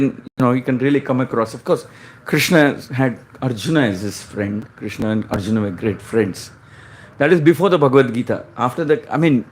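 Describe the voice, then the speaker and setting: Man, sermon, storytelling, acts out dialogue, slightly high pitch. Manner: storytelling, acting out scripture dialogues. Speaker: preacher.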